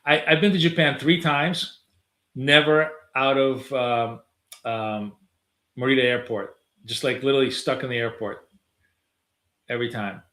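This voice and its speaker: A middle-aged man at his desk, talking through his trades on a live stream. His voice sits at an ordinary pitch, and it rings in a roomy, echoey space. He rambles loosely, drops in casual swears, and trails off into fillers. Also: measured pace, long pauses, pushed and bright.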